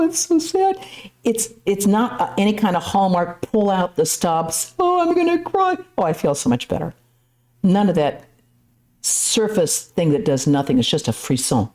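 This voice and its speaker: A woman, a nun, giving a conversational spiritual lecture at a temple, telling stories with casual asides. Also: lowish voice. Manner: lively storytelling with casual asides.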